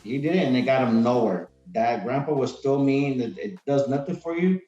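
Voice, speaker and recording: A man's voice: medium pitch, normal speed, dark tone. A man around forty chats casually as a podcast guest. He rambles and restarts often. The sound is roomy and a little dull, with faint music under it. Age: 40s. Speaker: podcast guest, retired Marine. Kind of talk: casual interview chat.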